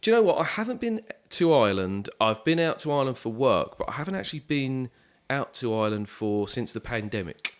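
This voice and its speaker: A man's voice: mid-range voice, very animated, brisk, few pauses. A young man from southeast England, a musician guest chatting casually in a podcast interview, easygoing and rambling with lots of fillers.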